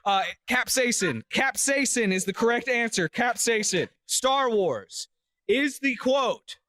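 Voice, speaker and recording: A man co-hosting a radio show, running a trivia game for the studio audience in a brisk, joking way. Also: very high-pitched, lively intonation, pushed and bright. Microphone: studio microphone.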